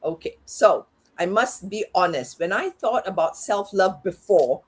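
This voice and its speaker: A middle-aged woman with a slightly husky, breathy voice speaks as a guest coach. She talks in a candid, reflective way, often voicing her own inner self-talk aloud. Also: medium pitch, lively intonation, a little slow. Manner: reflective, talks herself through things aloud. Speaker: guest, parenting and life coach. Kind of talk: candid conversational interview.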